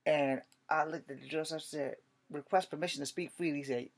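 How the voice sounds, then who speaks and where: A young man from Virginia telling a casual, profane story, swinging between loud outbursts and quiet asides. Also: fairly high pitch, fast talker, creaky.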